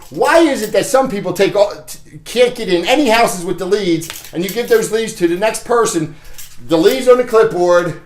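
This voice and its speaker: A man's voice: high voice, reverberant. A man coaching salespeople in a blunt, casual pep talk, chuckling between points and often checking in with "okay?". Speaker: Medicare sales trainer. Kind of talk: casual motivational training talk.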